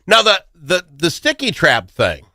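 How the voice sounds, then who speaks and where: A man's voice: sits high, unhurried, dry recording, clean studio sound. A middle-aged man hosting a talk show, telling jokey stories in casual chat. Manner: animated, jokey storytelling. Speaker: radio talk show host.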